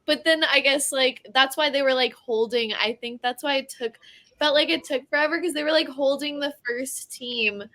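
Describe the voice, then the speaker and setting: A woman's voice: high-pitched, normal speed, pushed and bright. A woman as a podcast guest in casual chat, rambling and saying "like" often.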